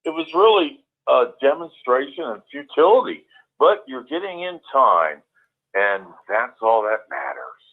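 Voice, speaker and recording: A man's voice: mid-range voice, very animated, a little slow. A man in a casual group discussion, speaking in a wry, teasing way. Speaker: panelist. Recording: tinny phone-like line.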